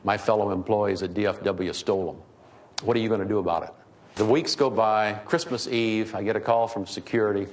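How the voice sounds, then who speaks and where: A man's voice: on the low side, steady tone, fairly quick, a little hiss or hum. An older man, a keynote speaker, telling folksy, humorous business anecdotes to an audience. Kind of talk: storytelling talk. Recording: reverberant hall, faint ambience.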